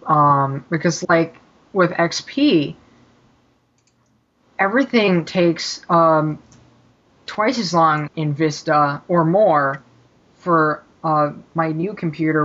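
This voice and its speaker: A man's voice: on the high side, slow pace, fairly bright tone, lo-fi sound. A man co-hosting a podcast in casual chat, rambling with many fillers and asides. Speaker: podcast co-host.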